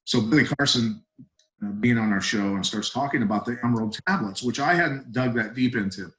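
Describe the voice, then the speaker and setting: Blunt, animated middle-aged man. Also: medium pitch, a little fast, low-quality recording. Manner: animated storyteller, blunt and emphatic. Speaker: guest, retired fighter and coach. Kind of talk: casual podcast storytelling.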